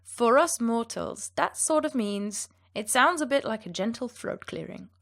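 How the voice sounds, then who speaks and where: A woman from western Germany with a German accent, explaining pronunciation to learners in a clear, patient and lightly playful way. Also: on the high side, animated, measured pace, a bit bright. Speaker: language teacher. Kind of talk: pronunciation lesson.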